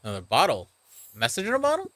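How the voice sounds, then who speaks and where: A man's voice: sits high, wildly swooping pitch, fast talker, a bit bright. A man streaming a game, reacting animatedly and reading its text aloud. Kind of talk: let's play commentary.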